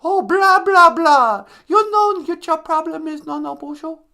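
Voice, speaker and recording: A man's voice: expressive, unhurried, gravelly, bright, forceful tone, exaggerated voice. A man doing a mocking impression of a whiny, tearful young female climate activist. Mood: wailing. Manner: shrill, wailing, mocking.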